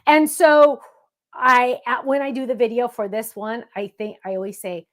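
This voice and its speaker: A woman's voice: on the high side, moderate pace. A middle-aged woman hosting a craft show, chatting casually in a bubbly, gushing way. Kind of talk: casual livestream chat.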